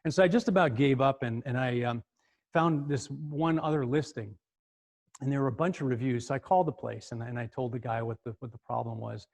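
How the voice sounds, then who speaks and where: A middle-aged man tells a story in a lively way, repeating words as he goes. His pitch sits at an ordinary middle height for a man. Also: brisk, creaky. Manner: animated, acts out the other voices, repeats words as he goes. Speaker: speaker. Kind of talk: storytelling talk.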